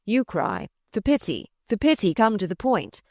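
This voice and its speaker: A woman reading aloud voices a sardonic, malicious older male courtier who mocks in slow, drawn-out phrases. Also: mid-range voice, huge pitch swings, darkish tone, no room sound, studio quality, voice pushed up. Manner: mocking, drawn-out.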